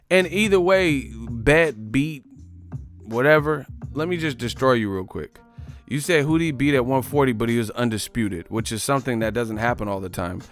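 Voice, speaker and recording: A man with a medium-pitched voice hosts a casual live stream at a moderate pace, chatting and mocking commenters. His talk is slangy and animated, and faint music plays in the background.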